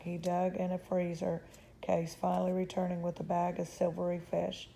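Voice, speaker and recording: A woman reading a children's chapter book aloud in a calm, measured way. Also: fairly low pitch, creaky. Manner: calm, measured, occasional restarts.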